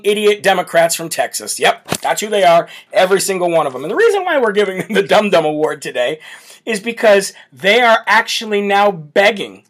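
Brash male political host, high voice, mocking rants from a home setup. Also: fairly bright tone. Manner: brash, mocking, laughs often. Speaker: political talk show host.

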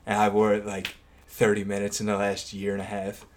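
A man's voice: on the low side, completely flat delivery, brisk, a little hiss or hum. A man in his twenties co-hosting a podcast in casual chat, rambling into tangents and laughing between stories. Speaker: podcast co-host.

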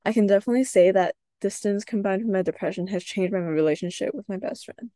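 A young woman hosting a podcast, talking earnestly about her own experience in a soft voice with hesitant restarts. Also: mid-range voice, fast talker, no echo. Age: young adult. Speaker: podcast host. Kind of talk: personal reflective podcast talk.

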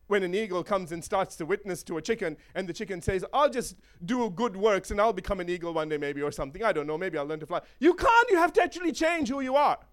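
A man preaching a sermon to a congregation, animated and laughing often, checking in with the listeners. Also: high voice. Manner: animated, laughing, acts out voices of chickens and eagles; asks the congregation for responses.

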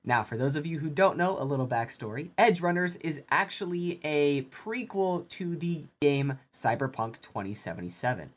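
A woman with an unusually deep, low voice hosts a casual podcast chat. She talks in a measured, deadpan way, a little like a newscaster. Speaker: podcast host.

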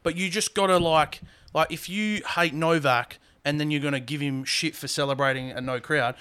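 A man's voice: fairly high pitch, fairly even intonation, moderate pace, bright, forceful tone, smooth. A young man with an Australian accent co-hosting a podcast, ranting casually and swearing freely. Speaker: podcast co-host.

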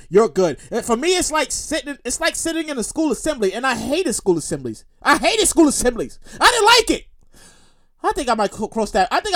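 High, lively man ranting on his show. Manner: rambling, repetitive, animated outbursts. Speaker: podcast host. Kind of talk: comedic solo monologue.

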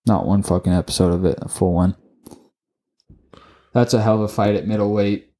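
A man co-hosting a casual sports podcast, talking excitably, swearing often and tripping over his words. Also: lowish voice, brisk. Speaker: podcast co-host.

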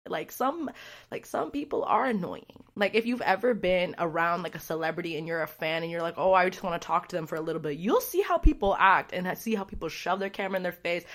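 Chatty young woman with a lowish voice. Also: a bit bright. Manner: chatty, profane, rambling storytelling with frequent fillers. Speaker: vlogger. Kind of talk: casual vlog chat.

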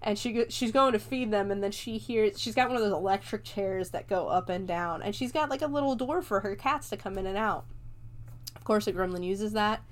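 A woman's voice: medium pitch, a little fast. A woman recapping a movie in a loose, joking way, with frequent laughs and swearing. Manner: loose and profane, laughs often, jokes along. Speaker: movie reviewer.

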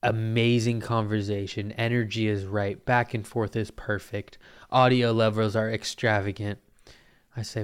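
A man hosting a casual solo podcast, telling a story in a profane, rambling, animated way with a phlegmy throat. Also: medium pitch, unhurried, clean tone. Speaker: podcast host. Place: Portland. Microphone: podcast mic.

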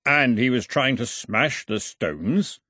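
A man voicing a slow, literal-minded island man who lays out facts in a measured, intoning way, in an audiobook. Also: mid-range voice, expressive, bright, forceful tone, breathy edge, no echo, clean studio sound, full character voice.

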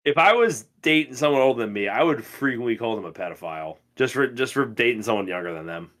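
A man in his twenties co-hosting a podcast, telling stories in a casual, profane and animated way. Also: mid-range voice, quick pace. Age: 20s. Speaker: podcast co-host. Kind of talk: casual chat.

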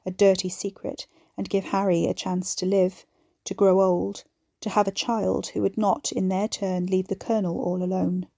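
A woman reads a chapter of a serialized story aloud at a steady, measured pace. Her voice is mellow and relaxed. The recording is dry and close. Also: mid-range voice, no echo. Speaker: narrator. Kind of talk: audiobook narration of a serialized story.

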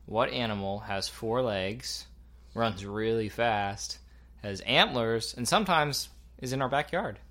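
A man co-hosting, chatting playfully with his young son and asking him gentle, coaxing questions. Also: medium pitch, unhurried. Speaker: co-host and father. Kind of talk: playful chat with a toddler.

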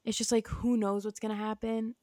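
A woman's voice: on the high side, little pitch movement, fairly quick, darkish tone, no room sound. Chatty young woman, dry close sound. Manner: chatty, laughing, filler-heavy with many likes. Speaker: sports podcast co-host. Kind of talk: casual sports chat. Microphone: studio microphone.

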